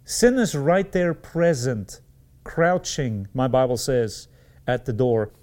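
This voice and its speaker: A man preaching a sermon, with repeated words and restarted phrases, and sudden rises in pitch. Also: takes it slowly, a little mellow.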